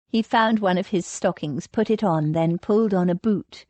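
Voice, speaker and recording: A woman narrating a historical romance audiobook in a slow, measured, intimate manner. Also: on the low side, lively intonation, mellow, no room sound. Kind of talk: scripted narration.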